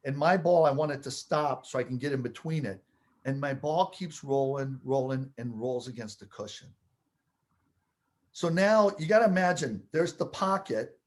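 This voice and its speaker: A man telling a personal anecdote with animated, building excitement, acting out the scenes as he goes. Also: medium pitch, normal speed. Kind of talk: storytelling anecdote.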